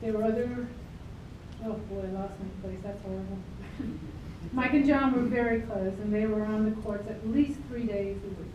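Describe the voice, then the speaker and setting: A woman's voice: medium pitch, normal speed, background noise. A woman giving a eulogy at a memorial, reading a prepared speech in an earnest, grateful and slightly nervous way to a crowd in a club hall. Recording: roomy, distant, dull amateur video.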